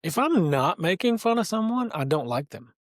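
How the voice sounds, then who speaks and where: A man's voice: high voice, very animated, moderate pace, no room sound, clean studio sound. A man hosting a podcast in casual chat, blunt and teasing. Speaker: podcast host.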